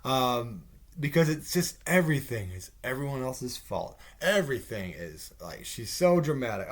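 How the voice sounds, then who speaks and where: A man's voice: medium pitch, very animated, moderate pace. A man hosting a podcast, ranting casually in a rambling way, swearing and mimicking people mockingly. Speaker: podcast host. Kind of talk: casual rant.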